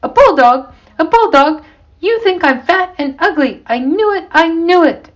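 A woman's voice: very high voice, animated, unhurried, pitched above the performer's own voice. A woman voicing an indignant middle-aged wife who shrilly accuses her husband, on a dull lo-fi recording. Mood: outraged.

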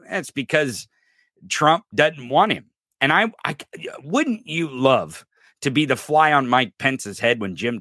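On his political podcast, a man with a mid-range voice rants in a loose, heavily profane way. He rambles, gets animated, laughs and trips over his words often; the recording is dry and studio quality.

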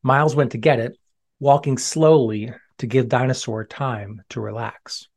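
A gentle children's storybook narrator with an expressive manner and a mid-range voice. The reading is warm in pace and clear for young listeners. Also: mid-range voice, measured pace.

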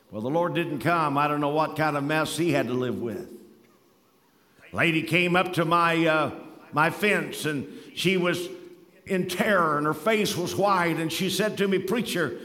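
A man's voice: on the high side, normal speed, pushed and bright, big-room sound. A man preaching a sermon, quoting scripture in old-fashioned wording and telling folksy stories with rising emphasis. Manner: preaching with scripture quotations in King James wording.

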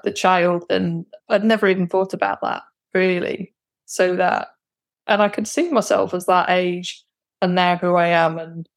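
A woman's voice: lowish voice, creaky, dry recording. A woman, a guest talking candidly and reflectively about her experience, with hesitant restarts. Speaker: guest, client. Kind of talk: personal conversation.

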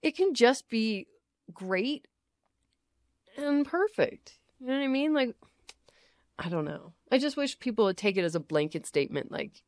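A woman co-hosting a podcast in casual chat, animated, laughing often and swearing freely into a studio microphone. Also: on the high side, normal speed, long pauses, dry recording. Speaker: podcast co-host.

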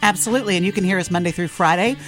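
Southern lady from tennessee hosting morning radio, kinda low voice, friendly and chatty. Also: very fast, a bit bright, soft background music. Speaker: radio morning show host. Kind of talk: casual radio interview.

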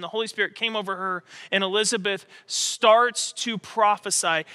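A man preaching a sermon as a pastor, telling the story with lively acted-out quotes and then dropping to soft, reflective passages. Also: high voice. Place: church sanctuary. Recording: long hall reverb in a church.

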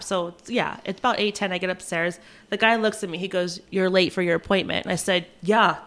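A young woman, a flight attendant, telling a rushed travel story in casual chat, acting out quotes and laughing often. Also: fairly low pitch, steady tone, a bit bright.

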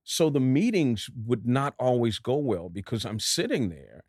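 Animated man from Dallas telling stories. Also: mid-range voice, a little slow, dry recording, studio quality. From Dallas, Texas. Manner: animated, acts out other voices in his stories. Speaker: actor, guest. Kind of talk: storytelling interview.

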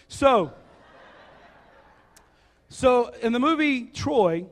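Animated high-voiced man preaching in a hall. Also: extremely slow. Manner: casual, joking, animated storytelling. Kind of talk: sermon. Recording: reverberant hall.

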